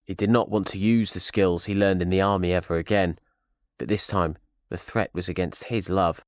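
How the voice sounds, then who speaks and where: A man reading a thriller audio drama as narrator, in a steady storytelling manner. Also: low-pitched, no room sound, studio quality.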